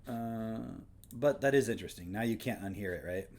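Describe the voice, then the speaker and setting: A man's voice: lowish voice, a little fast, darkish tone. A man hosting a livestream, casually commenting on clips and reading search results aloud. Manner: reads search results aloud, mimics speech patterns. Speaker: livestream host.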